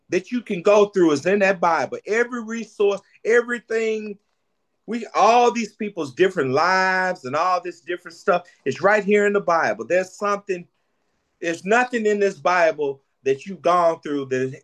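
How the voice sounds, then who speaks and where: A man preaching a sermon, lively and preacherly, repeating phrases for emphasis. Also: sits high.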